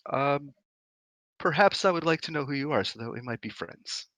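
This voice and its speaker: A man playing a stern male lord in a tabletop role-play, speaking in formal, measured, courtly sentences. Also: on the high side, animated, fairly bright tone, no echo, pitched above the performer's own voice. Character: stern male lord who hands out harsh decrees.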